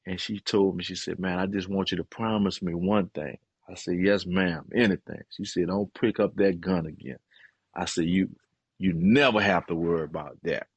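A middle-aged man, a guest and author, giving an earnest and emotional personal testimony, often pausing with "man" and hesitating as he talks. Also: low-pitched, fairly even intonation, slightly rough, no room sound.

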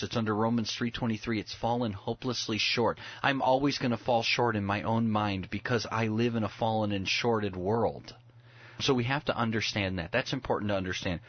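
In the role of a pastor on a talk show, a man explains scripture earnestly in a conversational preaching style. His voice is medium in pitch with a breathy edge, and the recording is lo-fi without echo.

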